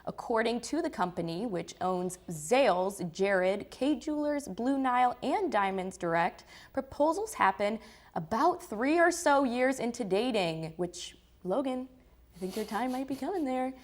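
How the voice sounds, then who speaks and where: Upbeat high-voiced young woman co-host. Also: expressive, unhurried. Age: young adult. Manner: upbeat, chatty, reads stories. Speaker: student co-host. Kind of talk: casual morning show chat.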